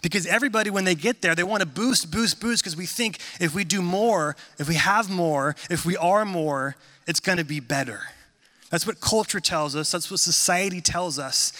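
A man in his thirties preaching a sermon in a conversational, animated storytelling manner. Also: sits high, normal speed. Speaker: pastor.

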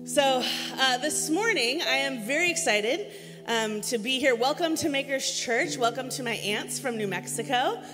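A woman's voice: high-pitched, expressive, normal speed, a bit bright, big-room sound, soft background music. A woman giving a casual church sermon from the stage, telling chatty, self-deprecating stories with many fillers. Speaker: guest speaker filling in for the pastor.

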